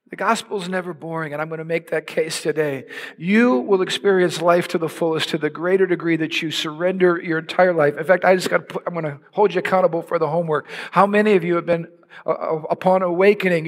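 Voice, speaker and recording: A male pastor preaching a sermon with passion, building to shouts for emphasis. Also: sits high, fairly quick. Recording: long hall reverb.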